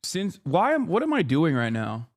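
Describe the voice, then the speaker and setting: A man in his thirties streams live political commentary, cursing frequently and ranting combatively at viewers in chat. His slightly high voice swoops wildly in pitch at a normal speed.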